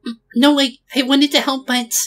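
A timid, worried schoolgirl with a high, unsteady voice that keeps faltering, as a woman puts her on. She sounds gentle and unsure, with soft music playing behind her. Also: little pitch movement, normal speed. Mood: pleading.

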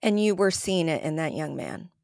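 A woman's voice: low voice, lively intonation, normal speed, gravelly, a little mellow, no room sound, studio quality. A woman hosting a podcast, talking reflectively and earnestly with her guest, often restarting her sentences. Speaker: podcast host. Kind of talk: conversational podcast interview.

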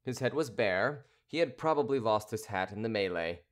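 A man narrating a classic novel as an audiobook, with an expressive, clear reading. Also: lowish voice, moderate pace. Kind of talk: scripted narration.

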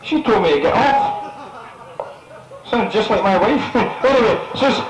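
A man's voice: high-pitched, expressive, measured pace, heavy background noise. A man from the northeast coast, a concert compere telling cheeky jokes and laughing at his own lines. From northeast coast of Scotland. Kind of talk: stand-up joke telling at a live concert. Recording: echoey hall with loud crowd. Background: audience laughter.

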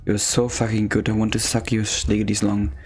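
A man's voice: on the low side, level tone, a little fast, a little mellow, soft background music. A man chatting over game voice chat, full of crude jokes and playful trash talk. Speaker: gamer streaming voice chat.

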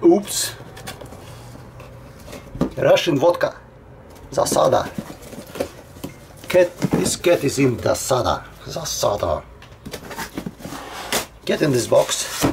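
A slow, gravelly voice that swoops widely up and down as it chats to cats at home. The speaker teases and coaxes the pets in plain, broken English. The tone stays playful throughout. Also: medium pitch, sing-song, noisy background. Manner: teasing, coaxing and chatty with the cats. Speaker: pet owner filming cats.

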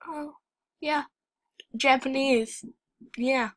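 A teenage girl with a fairly high voice reacts to images with slow, drawn-out talk and frequent giggles. She rambles and bursts into excited outbursts. A faint hiss and mouse clicks sit behind her. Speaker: channel host. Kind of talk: casual commentary while browsing images.

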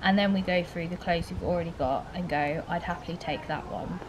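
A woman's voice: lowish voice, fairly quick, a crowd in the background. A young woman chatting casually for a vlog, talking through plans step by step. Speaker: vlogger.

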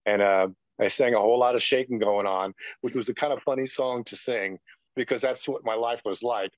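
A man's voice: mid-range voice, steady tone, fairly quick, no room sound. A middle-aged man, a retired pastor, giving a personal testimony in an interview, rambling earnestly with lots of "you know". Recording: dull, dry lo-fi sound.

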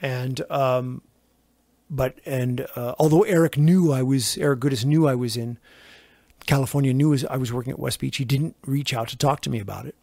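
A man of middle pitch recounts his studio days in a loose, rambling way, acting out the dialogue along the way. The sound is close and dry, with no room around it. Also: normal speed, creaky, no echo. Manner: rambling, animated anecdotes with acted-out quotes. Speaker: record producer and engineer guest. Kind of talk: casual interview storytelling.

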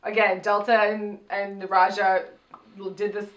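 A woman co-hosting a casual review chat, animated, acting out quotes with lots of "like". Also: medium pitch, a little slow. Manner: animated, acts out quotes, many "like"s. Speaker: podcast co-host. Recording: roomy echo.

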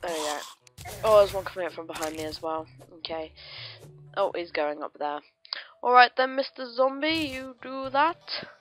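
A woman giving chatty, excitable let's play commentary, greeting the creatures she meets in a playful way. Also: low-pitched, moderate pace, long pauses, soft background music.

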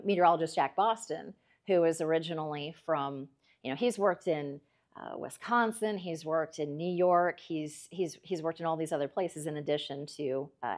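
Middle-aged lady giving a club talk, chatty and folksy, a bit low voiced. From Kansas. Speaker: meteorologist speaking to a club. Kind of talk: after-dinner talk, storytelling.

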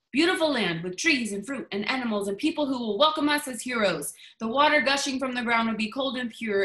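A woman reading aloud and voicing a bold, excited male explorer in a booming, theatrical way. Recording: roomy echo on a video call.

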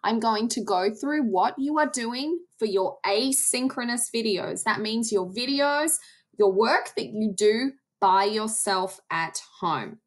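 Slow, careful female drama teacher. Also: fairly high pitch. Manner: enunciates carefully, demonstrating for small kids. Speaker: theatre arts teacher. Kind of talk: recorded lesson for young children.

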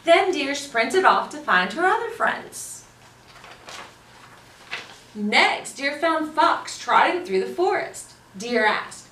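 A woman hosting a children's library storytime, reading picture books aloud in an animated, sing-song, encouraging way. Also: high-pitched, takes it slowly, a little hiss or hum. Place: library room. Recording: roomy, voice from a distance.

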